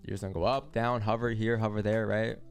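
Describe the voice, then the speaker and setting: A man's voice: lowish voice, little pitch movement, fast talker, soft background music. A young man hosting a live trading stream, talking loosely and repeating himself as he walks through charts. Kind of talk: casual live-stream commentary.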